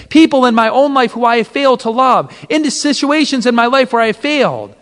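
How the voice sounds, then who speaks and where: A male priest delivering an impassioned sermon to men, his high voice leaping up and dropping low again. The sound carries a long hall reverb. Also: fairly bright tone. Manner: impassioned, with dramatic swings of pitch and volume. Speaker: Catholic priest. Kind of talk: sermon at a men's retreat.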